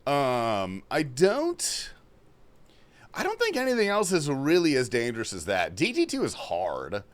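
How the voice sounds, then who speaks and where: A young Australian man hosts a casual gaming livestream in a medium-pitched, unhurried voice whose pitch swoops wildly. He reads chat questions aloud and answers loosely, swearing plenty, using headphones and a desk mic.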